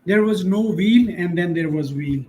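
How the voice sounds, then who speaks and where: High pitched guy hosting a chat, keeps repeating himself to drive the point, pretty pushy. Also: normal speed, dark tone, rough recording. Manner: emphatic and repetitive, builds points through rhetorical lists. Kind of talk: casual chat.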